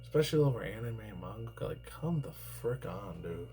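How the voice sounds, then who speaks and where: A man's voice: lowish voice, lively intonation, moderate pace, mellow, a little hiss or hum, poor audio. A man in his thirties from New York, rambling through casual commentary, swearing freely and padding his talk with fillers. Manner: rambling, profane, heavy on fillers. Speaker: YouTuber reacting to news.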